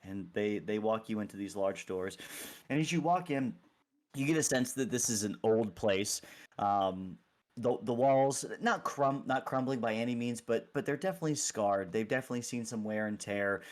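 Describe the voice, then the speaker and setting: A man's voice: lowish voice, normal speed. A man narrating as game master of a tabletop game, talking hesitantly with many restarts and easy laughter.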